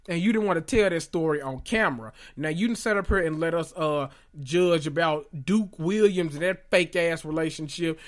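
A man hosting a podcast, giving sassy, blunt commentary with dramatic emphasis. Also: fairly high pitch. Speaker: podcast host. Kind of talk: casual pop-culture commentary podcast.

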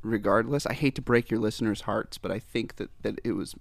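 A man's voice: on the low side, brisk, gravelly, no room sound. A young man, a guest singer-songwriter, telling a story in casual chat, rambling and restarting, often laughing. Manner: rambling, self-interrupting, laughs through stories.

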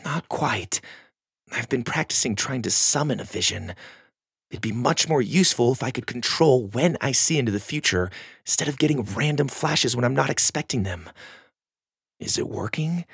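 A man voicing an earnest young female cadet who tries to see the future, with a creaky, husky voice. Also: mid-range voice, expressive, moderate pace, fairly bright tone, dry recording, studio quality, exaggerated voice.

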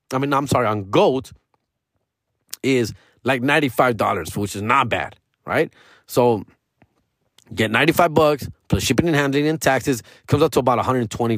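A man in a loose, profane rant, dropping Spanish phrases as he goes. His pitch swings high and low from line to line. The sound is close and dry, with no room around it. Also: no room sound. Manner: profane slangy talk, switching into Spanish phrases; animated, pitch jumping up and down. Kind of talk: casual rant.

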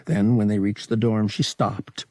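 A man reading a novel aloud as an audiobook narrator, telling the story in a measured, expressive way. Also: fairly low pitch, no echo.

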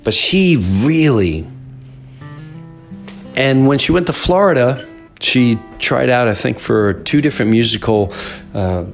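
A middle-aged man hosting a podcast, telling a story in an animated, rambling way and often repeating himself. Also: mid-range voice, unhurried, long pauses, soft background music. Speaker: podcast host. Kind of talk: casual storytelling monologue.

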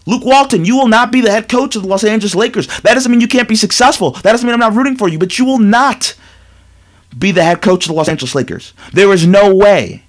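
A man's voice: sits high, quick pace. A man hosting a sports talk show, giving an emphatic, lecturing commentary monologue full of repetition.

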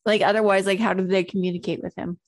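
A woman's voice: medium pitch, little pitch movement, quick pace, no room sound. A woman co-hosting a casual podcast, chatty and a bit sweary, breaking into silly sound effects. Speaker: podcast co-host. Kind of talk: casual chat.

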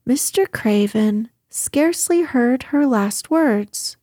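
A woman reading a classic novel aloud in a calm, measured voice that turns softly whispered in places. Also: on the high side, dry recording, clean studio sound. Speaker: reader. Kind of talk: storybook read-aloud.

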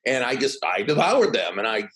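A man in his sixties, a podcast guest, telling stories in an animated way and acting out quotes. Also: mid-range voice, moderate pace, poor audio. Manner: animated, does voices when quoting others. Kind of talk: conversational storytelling.

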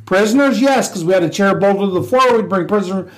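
Guy with a pretty high voice telling old cop prank stories, laughing a lot, acting out the quotes. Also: fast talker, rough recording. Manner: animated storyteller, laughs through punchlines, acts out quotes. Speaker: podcast co-host, former police officer. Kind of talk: casual storytelling chat.

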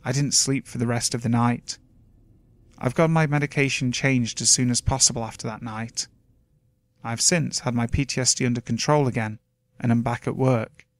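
A man reading submitted scary stories aloud in slow, measured scripted narration. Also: medium pitch, dry recording. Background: faint music.

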